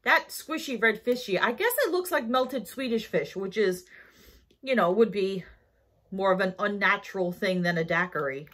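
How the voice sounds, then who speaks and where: A woman's voice: medium pitch, moderate pace, fairly bright tone. A tired woman with a New York accent, rambling through a casual shopping haul vlog with lots of fillers and self-corrections. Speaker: haul vlogger.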